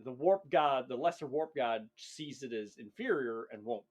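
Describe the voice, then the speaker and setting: A man co-hosting a podcast in casual chat, excitable and swearing casually, getting loud when he gets worked up. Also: mid-range voice, moderate pace. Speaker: podcast co-host.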